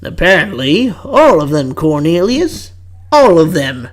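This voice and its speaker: A reader voicing a stern, cool male envoy with a British accent, speaking in a measured, warning way. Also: medium pitch, big pitch swings, pitched below the performer's own voice. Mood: dry.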